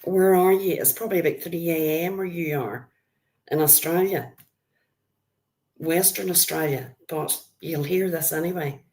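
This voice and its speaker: A woman's voice: lowish voice, unhurried, darkish tone. An older Irish woman hosting a live stream, chatting bluntly with her viewers and greeting them by name. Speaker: livestream host. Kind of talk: casual live-stream chat.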